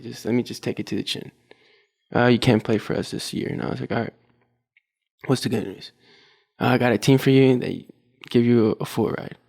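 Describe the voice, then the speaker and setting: Gravelly-voiced young man telling his story. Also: mid-range voice. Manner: relaxed, quotes himself and others in a storytelling way. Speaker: athlete guest. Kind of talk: casual podcast storytelling.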